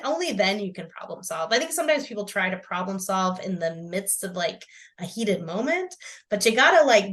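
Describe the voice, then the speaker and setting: A woman's voice: medium pitch, a bit bright. A woman psychotherapist in her thirties, talking casually as a podcast guest, with frequent fillers like "you know" and "like.". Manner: chatty, many fillers and laughs.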